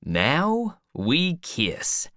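A woman voicing an eager young boy in love in a storybook reading, a little above her own pitch. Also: wildly swooping pitch, very slow, a bit bright, no room sound, studio quality, full character voice. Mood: earnest.

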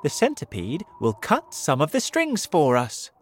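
A man voicing an excited young boy in a storybook reading. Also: fairly high pitch, a little slow, slight background noise, voice pushed up. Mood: reassuring.

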